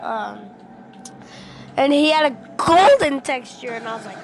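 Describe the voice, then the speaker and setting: A young female gaming vlogger casually telling a rambling story, excitable and breaking into shouts when she quotes people, into a headset mic. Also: high voice, a little slow, pauses often, very noisy.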